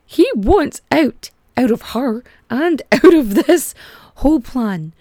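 A woman's voice: high-pitched, expressive, slow pace, mellow, no echo, clean studio sound. A woman hosting a casual comic history podcast, chatty and irreverent, with frequent swearing and filler words. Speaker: podcast host.

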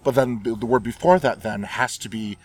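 A choir singer talking through diction in a halting, thoughtful way, laughing between thoughts. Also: male voice, medium pitch, a little mellow. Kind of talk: casual chat. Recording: distant mic with crowd around.

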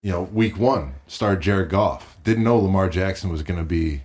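A man from Chicago in a casual chat, talking in halting, self-deprecating bits. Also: sits low, darkish tone.

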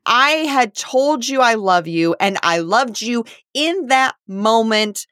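Woman co-host, animated pitch, dry close studio mic, casual chat. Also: dry recording. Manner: expressive, quick to react, puts on voices for quotes. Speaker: podcast co-host.

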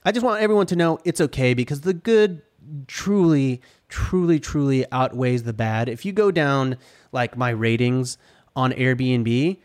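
A man talking casually on a podcast, telling stories about his rental cabins. He is animated and filler-heavy, slipping into the voices of guests and workers as he goes. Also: medium pitch, moderate pace. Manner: animated, says dude and like a lot, acts out quotes. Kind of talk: casual chat, storytelling.

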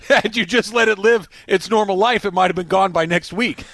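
A man's voice: high-pitched, moderate pace, a bit bright, no room sound. A man co-hosting a sports talk show in casual, joking banter. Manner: joking, does comic Boston-accent impressions. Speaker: co-host.

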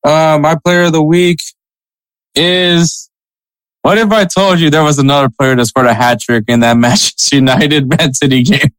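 A man's voice: on the high side, fairly even intonation, moderate pace, a bit bright, clear, resonant tone, no room sound, poor audio. A man co-hosting a casual soccer podcast, chatting with frequent laughs and reading sponsor spots. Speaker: podcast co-host.

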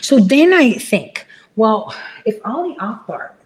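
A woman ranting in casual chat, rambling and swearing, switching to a higher voice when she mimics other people. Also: very animated, slow, slight background noise.

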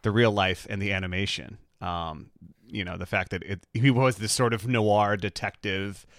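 A man co-hosting a podcast, rambling and animated in casual chat, often restarting his sentences. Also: on the low side, normal speed, no echo, clean studio sound. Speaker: podcast co-host.

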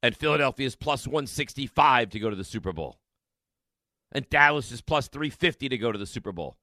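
A man hosting a sports radio show, talking in an emphatic, excitable monologue full of rhetorical questions and repeated lines. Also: medium pitch, fairly quick, no room sound, studio quality.

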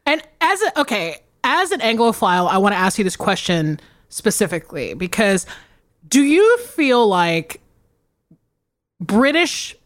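A woman's voice: medium pitch, big pitch swings, unhurried, dry recording, studio quality. A woman co-hosting a podcast in casual chat, swearing playfully and often restarting her sentences. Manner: profane, playful, repeats herself. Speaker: podcast co-host.

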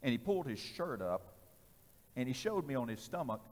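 A man preaching a storytelling sermon, dramatic, swinging between loud bursts and hushed passages. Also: medium pitch, very animated, normal speed. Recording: reverberant hall.

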